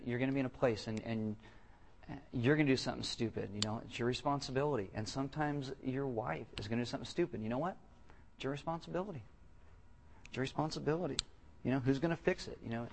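A male pastor preaching a sermon with humor, acting out voices for the people he quotes. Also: mid-range voice. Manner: animated, joking, acts out quotes in voices.

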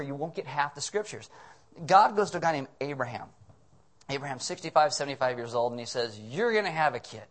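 A male pastor delivering a sermon to a congregation, joking and acting out little voices as he tells stories. His pitch sits in the middle range for a man, and his delivery is lively and conversational. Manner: humorous, animated storytelling with acted voices.

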